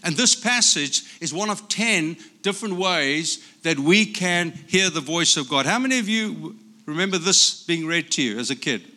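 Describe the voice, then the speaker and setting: An older man preaching a sermon as a pastor, animated and playful as he tells a story. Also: fairly high pitch, normal speed.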